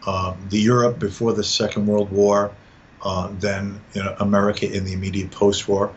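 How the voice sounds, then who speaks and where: A male podcast guest works through his ideas at normal speed in a level tone, his voice on the low side, frequently repeating words as he thinks. Faint background noise sits under a dull, lo-fi recording.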